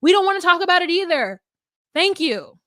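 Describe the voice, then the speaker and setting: A woman co-hosting a podcast, retelling a show scene in casual chat, blunt and quick to laugh. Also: extremely high pitch, sing-song, a bit bright, dry recording, studio quality. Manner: blunt, laughs along often. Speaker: podcast co-host.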